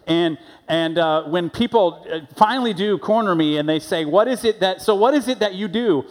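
Male pastor, conversational sermon, slightly high voice, church reverb. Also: moderate pace. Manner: conversational storytelling with animated quoted voices. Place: church sanctuary.

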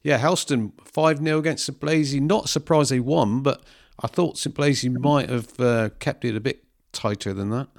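A man hosting a casual football podcast, running through results in a steady, unhurried way with small hesitations. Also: mid-range voice, gravelly, dry recording, clean studio sound. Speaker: host.

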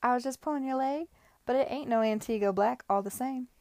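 A woman's voice: high voice, a little fast, darkish tone, dry recording, pitched above the performer's own voice. A woman reading aloud, voicing a defiant young heiress who mocks her hostess in a broad Caribbean patois. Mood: mocking. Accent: Caribbean patois (put on). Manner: mocking, broad.

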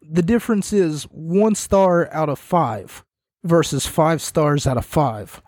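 Young guy rambling thru a wrestling recap, kinda high voice, dry close sound. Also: takes it slowly, no room sound. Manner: rambling, animated when retelling. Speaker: wrestling commentator. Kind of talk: casual recap commentary.

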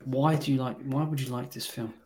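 A man's voice: mid-range voice, fairly even intonation, brisk, a little mellow, a little hiss or hum. A man hosting a casual film review podcast, talking in a blunt, wry way and swearing freely. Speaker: podcast host.

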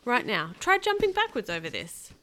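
A woman reading aloud as a wise, firm old grandmother, encouraging and steady. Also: a little high, moderate pace, voice pushed up. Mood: urging.

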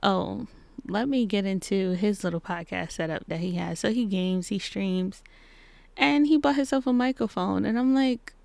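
A woman in her thirties hosting a casual solo podcast from her home basement, chatting and acting out little exchanges in lively voices. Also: mid-range voice, normal speed, creaky, no echo. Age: 30s. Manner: chatty, acts out quoted exchanges in animated voices. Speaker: podcast host. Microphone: podcast microphone.

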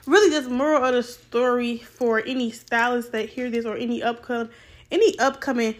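A young woman hosting a podcast, telling a casual storytime monologue in a blunt, profane, rambling way. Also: a little high. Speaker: podcast host.

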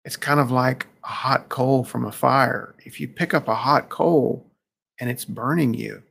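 A man's voice: mid-range voice, steady tone, a little slow, creaky, fairly bright tone, breathy edge. A man who works as a counselor gives a reflective talk and tells a story, with frequent restarts.

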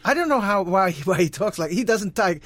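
A man's voice: sits high, lively intonation, fairly quick, a bit bright, no room sound. A man with a Dutch accent, a voice actor and guest talking casually in an interview, with many restarts and repeated words. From Netherlands.

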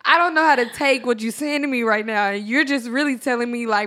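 A woman with a fairly high, bright, forceful voice, chatting casually as a podcast co-host. She jokes around and laughs easily between her points. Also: normal speed. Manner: laughing, joking, animated. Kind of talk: casual chat.

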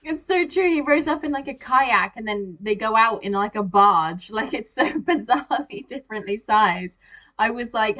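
A woman's voice: on the high side, animated, moderate pace, bright, forceful tone. A woman in casual conversation about a movie, talking animatedly and acting out her own reactions as little quoted asides.

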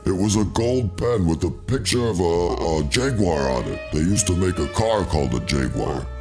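A man's voice: deep voice, expressive, normal speed, voice pushed down. A man playing a forgetful, rambling old male doctor in a spoof TV drama skit, with music underneath. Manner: doddering, wanders off topic.

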